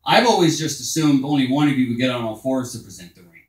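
A man doing crude open-mic stand-up at a bar, telling stories loosely and shouting his punchlines. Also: mid-range voice, lively intonation, quick pace, few pauses, echoey room, poor audio. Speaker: stand-up comedian. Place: small bar stage.

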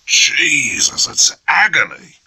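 A coarse, gruff naval officer voiced by a man reading a story forcing out strained, half-whispered words in pain. The delivery is breathy and gravelly, edged with bright tension. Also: fairly high pitch, very animated, takes it slowly, no room sound, voice pushed up, full character voice, low-quality recording.

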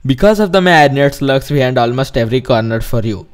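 A man doing a put-on Indian accent, reading game notes aloud as a stiff, formal narrator. He stumbles and restarts as he reads, his pitch sitting in an ordinary middle range. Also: lively intonation, a little fast, smooth, natural voice. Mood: mock formal.

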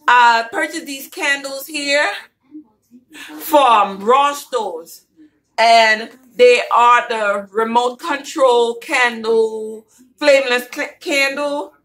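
A woman's voice: fairly high pitch, a bit bright, low-quality recording. A woman vlogger chatting casually and playfully to her viewers while showing a shopping haul.

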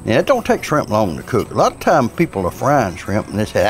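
A man's voice: lowish voice, wildly swooping pitch, fairly quick, soft background music. A man with a Cajun Louisiana accent chatting folksily through a cooking demo outdoors at a pizza oven. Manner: folksy, chatty, says y'all a lot. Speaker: cook.

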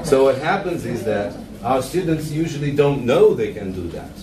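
A man with a Brazilian Portuguese accent gives a conference workshop to teachers. He speaks deliberately and acts out stressed words in slow, exaggerated examples. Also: medium pitch, expressive, noisy background. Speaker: teacher trainer giving a conference talk. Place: conference hall with an audience. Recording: echoey hall from a distance with audience.

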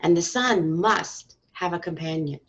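A woman's voice: lowish voice, measured pace, slightly rough. A woman doing a cocky little hummingbird. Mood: confident. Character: small confident male hummingbird. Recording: dull lo-fi recording.

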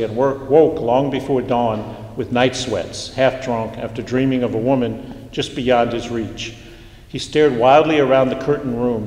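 Male author at a reading, measured delivery, roomy reverberant hall. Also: medium pitch, darkish tone. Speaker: author reading his fiction. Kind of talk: literary reading aloud. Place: lecture hall.

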